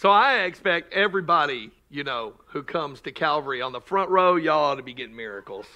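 A man preaches from the pulpit in a high, ringing voice. He climbs to shouted, stretched-out declarations and then drops to low, joking asides. His tone is bright and forceful throughout. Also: animated, brisk. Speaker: pastor. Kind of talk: sermon.

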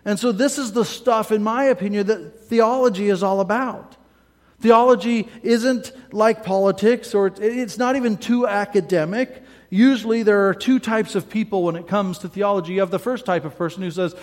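A man with a notably high voice preaches as a pastor, keeping it conversational and often checking in with a quick "right?". He slips into his listeners' voices to act out their doubts. His words ring out with the long reverb of a church hall. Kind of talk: sermon.

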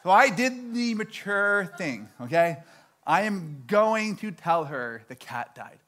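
A young man from Canada telling a stand-up story, animated and self-mocking, acting out his own dialogue. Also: sits high, takes it slowly. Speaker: stand-up comedian.

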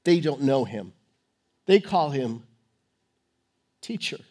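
A man preaching a sermon, emphatic, swinging between loud urging and hushed, quiet tones. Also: mid-range voice, very animated, takes it slowly.

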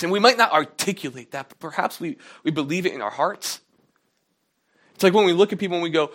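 A man with a slightly high voice delivers a sermon. He talks casually and conversationally, and when he acts out what others say, his voice climbs and gets louder. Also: lively intonation, fast. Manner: conversational preaching, acts out quotes with rising pitch. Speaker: pastor.

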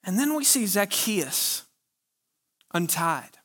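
A male pastor preaching a sermon, pressing his points with rhetorical questions and drawn-out pauses. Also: high voice, very animated, a bit bright, breathy edge.

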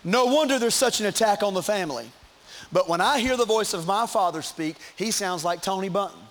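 A man's voice: sits high, lively intonation, brisk, a bit bright. A man preaching a sermon to his congregation in church, emphatic and repetitive, with asides to the crowd. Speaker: pastor.

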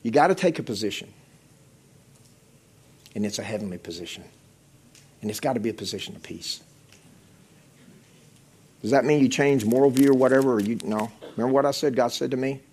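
A man's voice: mid-range voice, a little fast, long pauses, darkish tone, a little hiss or hum. A middle-aged man preaching a testimony sermon, telling stories in a conversational way and repeating phrases.

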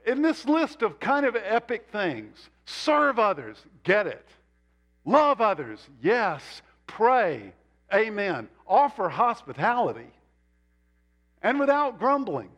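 A fairly high-voiced male pastor delivering a sermon from the front of a church. He preaches with animated, emphatic swings, leaping upward on key words and then dropping low and quiet. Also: slow pace. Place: church sanctuary.

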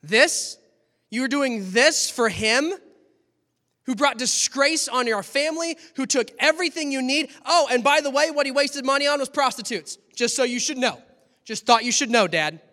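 A man's voice: very high-pitched, normal speed, pushed and bright, voice pushed up. A man voicing a resentful older brother who complains indignantly, in a long hall reverb.

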